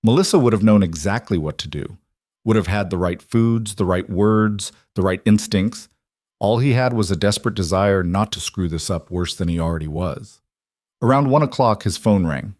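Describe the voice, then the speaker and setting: A male storyteller reading a scripted family drama in a measured, even voice. His pitch sits on the low side, and the recording is dry and close with no room echo. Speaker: narrator.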